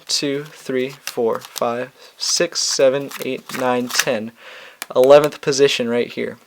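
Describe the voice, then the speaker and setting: A young man talks through a card trick as a tutorial host, in a relaxed, chatty way full of small restarts. His voice sits at an ordinary middle pitch. He sounds like he is explaining to a friend across a table. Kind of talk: casual instructional explanation.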